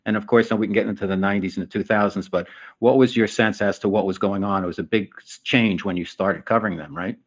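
A man hosting a casual interview, asking long follow-up questions with a few stumbles. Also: on the low side. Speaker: podcast host.

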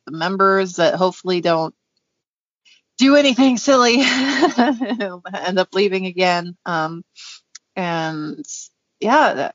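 A woman's voice: medium pitch, dry recording, highs cut off. A woman co-hosting a podcast in a casual, chatty way, giggling often and using many fillers. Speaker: podcast co-host. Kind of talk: casual chat.

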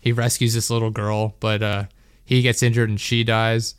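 A man's voice: on the low side, flat delivery, moderate pace, clean tone, no echo, clean studio sound. A young man hosting a podcast, telling a story in a rambling, laughing way, full of "like". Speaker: podcast host. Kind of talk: casual chat.

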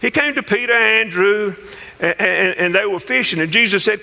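A man preaching in a church, his voice high and bright as it rings through a long, echoing hall. He spins folksy stories and drives them home with emphatic preaching. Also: moderate pace, gravelly. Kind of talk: sermon.

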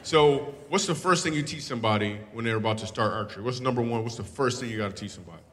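Man, stand-up comedian, crowd work, playful teasing, forceful voice, long hall reverb. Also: medium pitch. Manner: playful, teasing, quick to laugh. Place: live comedy show in a hall. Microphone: handheld microphone. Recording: reverberant hall with live audience. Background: faint audience laughter.

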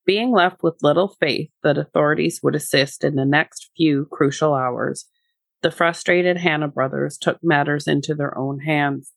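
A podcast co-host reads scripted narration with a wry edge. The voice is gravelly, and the recording is dry and close. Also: mid-range voice, moderate pace, fairly bright tone, no echo.

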